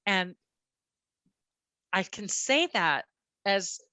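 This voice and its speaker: A woman police officer telling her story as a guest, animated and blunt, often repeating her words. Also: mid-range voice, extremely slow, no room sound. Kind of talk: candid personal storytelling.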